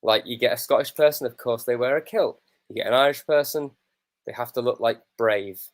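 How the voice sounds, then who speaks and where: A man's voice: medium pitch, a little fast. A man co-hosting a wrestling watch-along, joking cheekily and telling stories. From England. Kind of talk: casual banter.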